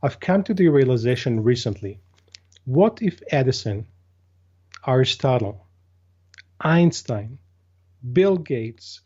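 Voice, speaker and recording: A man's voice: mid-range voice, dark tone, husky. A man who leads an organization, speaking earnestly and with emphasis as a guest in a casual interview. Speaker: guest, business leader. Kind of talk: casual chat. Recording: dull lo-fi recording.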